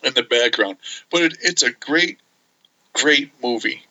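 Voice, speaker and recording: A man co-hosting a casual podcast, talking in halting, stop-start phrases and speaking about things he loves with enthusiasm. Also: medium pitch, sharp tone, muffled recording. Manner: halting, many fillers and restarts, enthusiastic. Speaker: podcast co-host. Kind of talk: casual chat.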